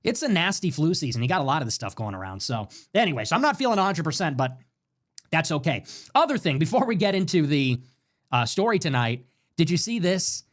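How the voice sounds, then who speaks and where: Man, livestream host, sick with fever, emphatic swearing rant, slightly high voice. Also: brisk. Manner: animated, emphatic, swears often. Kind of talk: ranting livestream monologue.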